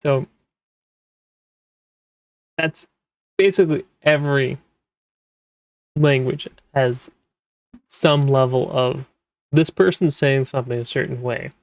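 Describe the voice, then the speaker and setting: A man talks casually, rambling and restarting often, his voice sitting at an ordinary middle pitch. The sound is dry and close, with no room echo. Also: takes it slowly, pauses often. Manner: rambling, with many fillers and restarts. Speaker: manga translator, podcast host. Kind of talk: casual explanatory talk.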